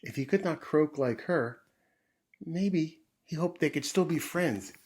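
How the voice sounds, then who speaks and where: A man reading a children's picture book aloud in a gentle storytime manner, pausing to explain things to young listeners. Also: a little high, lively intonation, husky.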